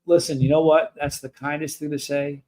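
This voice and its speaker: A man's voice: a little high, flat delivery, a little fast, a little mellow. Earnest rambling man on a livestream. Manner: earnest, rambling, emotional, restarts often. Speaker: livestream host. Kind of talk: emotional livestream talk to chat.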